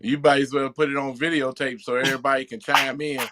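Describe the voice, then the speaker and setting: A man's voice: medium pitch, little pitch movement, fast, bright, forceful tone, a little hiss or hum. A man on a talk show casually telling a joking story, rambling through his thoughts. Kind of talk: casual chat.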